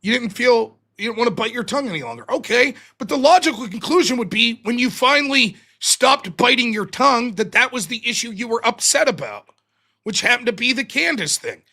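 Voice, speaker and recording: A man hosting a live call-in stream, talking casually and animatedly, often sounding exasperated and mocking. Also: extremely high pitch. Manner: animated, exasperated, quick to mock. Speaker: livestream host.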